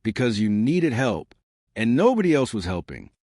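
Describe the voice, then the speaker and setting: A man's voice: mid-range voice, very animated, darkish tone, dry recording, clean studio sound. A man playing an earnest eight-year-old boy. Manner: earnest, halting.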